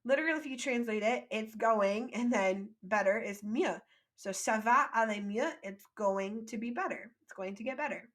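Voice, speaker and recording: A woman with a fairly high voice leads a French vocabulary lesson. She says each phrase slowly and clearly for her students to repeat, then explains it in quicker English and praises their answers. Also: fairly bright tone. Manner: encouraging, prompts repetition. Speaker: French teacher.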